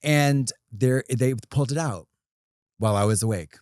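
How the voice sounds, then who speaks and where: A man's voice: medium pitch, moderate pace, clean tone, no room sound, studio quality. A man co-hosting a comedy podcast, telling rambling stories in casual chat. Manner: rambling, animated, full of acted-out quotes and laughs. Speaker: podcast co-host.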